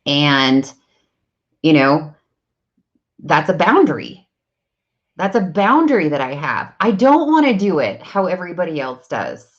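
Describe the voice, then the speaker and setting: A woman's voice: low-pitched, very animated, unhurried, pauses often. A woman in her thirties talking candidly to viewers, acting out conversations as she tells personal stories. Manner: candid, storytelling, acts out conversations. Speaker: vlogger on self-improvement. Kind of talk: casual talk to viewers, live stream. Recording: dull lo-fi sound.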